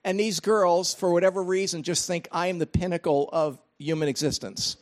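An older man preaching a sermon, animated and emphatic, with chatty asides about his grandchildren. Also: sits high, normal speed. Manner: animated, rising to emphatic peaks then dropping to asides. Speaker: pastor.

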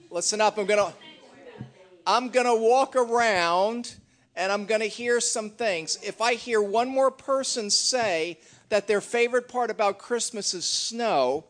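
A man's voice: high-pitched, fairly bright tone. A middle-aged man leading a church gathering, joking and teasing his congregation in a casual, chatty way.

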